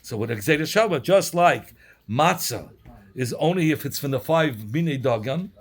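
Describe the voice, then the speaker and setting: A man's voice: a little high, lively intonation, moderate pace. A man with a Yiddish-inflected English accent, teaching a Talmud class and explaining terms step by step with frequent restarts.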